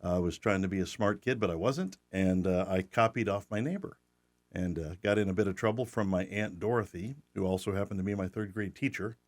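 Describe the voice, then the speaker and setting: A man's voice: low voice, brisk. Folksy older man hosting. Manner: folksy, joking, restarts often. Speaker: podcast host. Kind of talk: casual podcast chat.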